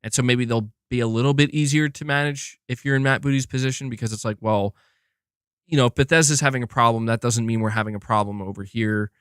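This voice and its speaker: A man's voice: mid-range voice, fairly even intonation, fast, clear, resonant tone, no echo, studio quality. A man hosting a live gaming stream, talking casually and thinking aloud, with lots of restarts and the odd swear.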